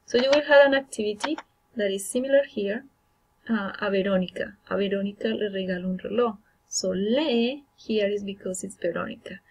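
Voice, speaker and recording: A woman's voice: medium pitch, fairly quick, husky, rough recording. Woman teaching grammar with many fillers. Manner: explanatory, many fillers and restarts. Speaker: Spanish teacher. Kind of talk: recorded grammar lesson.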